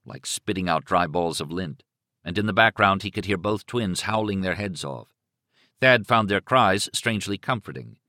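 A man narrating a novel in an expressive, dramatic reading. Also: low voice, no echo, clean studio sound. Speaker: audiobook narrator. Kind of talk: scripted narration.

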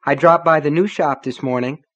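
A man voicing a middle-aged woman in chronic pain who speaks carefully and teases gently. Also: mid-range voice, lively intonation, normal speed, highs cut off, natural voice. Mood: wry.

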